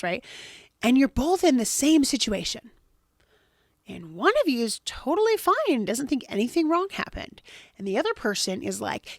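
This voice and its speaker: A woman's voice: fairly high pitch, no room sound, clean studio sound. A woman hosting a motivational podcast, talking animatedly and acting out quoted voices. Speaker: podcast host.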